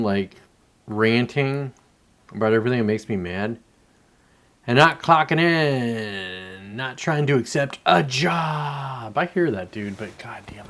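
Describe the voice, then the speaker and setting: A man's voice: mid-range voice, fairly bright tone. A man ranting on a casual livestream, frustrated and profane, rambling with many restarts. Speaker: livestreamer and real estate agent.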